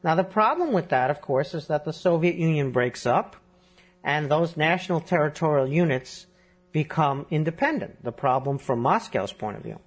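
A man's voice: on the high side, animated, normal speed, husky. A man answering as a historian guest, explaining fluently and at length in a lecturing way. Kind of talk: long-form interview.

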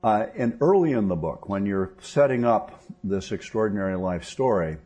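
A man's voice: on the low side, lively intonation, moderate pace, mellow. A man interviewing an author, asking long questions with many fillers and restarts.

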